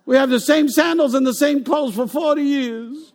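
A man's voice: extremely high pitch, normal speed, a little mellow, pitched above the performer's own voice. A man acting out a crowd of grumbling ancient wanderers with melodramatic wailing complaints. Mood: whining.

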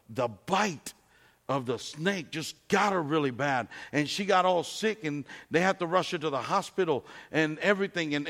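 A man preaching a sermon in a conversational way, telling stories and asking rhetorical questions in a church hall. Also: fairly high pitch. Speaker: pastor. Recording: long hall reverb.

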